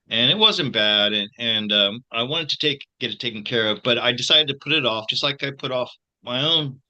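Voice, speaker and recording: Halting bright-voiced man in his sixties. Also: medium pitch. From United States. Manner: halting, many restarts and fillers. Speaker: tarot reader and channel host. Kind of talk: casual personal talk to viewers.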